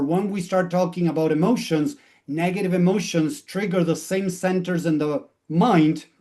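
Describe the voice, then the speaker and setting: A man with a somewhat high-pitched voice gives a motivational talk as a mindset coach. He explains things patiently and step by step. He keeps slipping into quoted back-and-forth from his client sessions. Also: a little mellow.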